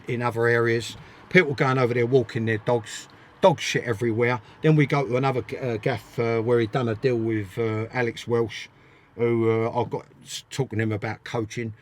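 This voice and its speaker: A man's voice: medium pitch, fairly even intonation, normal speed, a little hiss or hum. An older man, telling blunt, sweary stories as an interview guest and driving his points home by repeating them. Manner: blunt, emphatic, repeats himself. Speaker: interview guest, former footballer. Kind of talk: casual storytelling, swearing freely.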